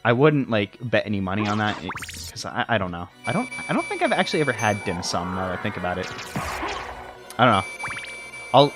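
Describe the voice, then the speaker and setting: A man's voice: medium pitch, fairly bright tone. A man from Texas giving rambling, filler-heavy, self-deprecating commentary while he plays a video game. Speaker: let's play commentator. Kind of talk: casual gameplay commentary. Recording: game music playing under the voice. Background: game music.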